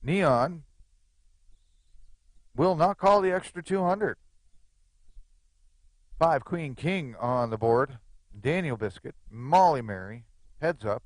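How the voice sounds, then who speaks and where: A man's voice: a little high, expressive, takes it slowly, long pauses, no echo. A man giving live, chatty play-by-play commentary on a poker game, with joking asides.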